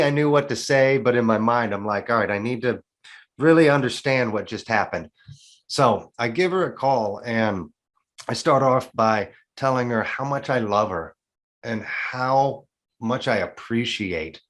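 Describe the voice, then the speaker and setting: A man in his forties telling a personal story as an interview guest, earnest and animated, acting out dialogue as he goes. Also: mid-range voice. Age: 40s.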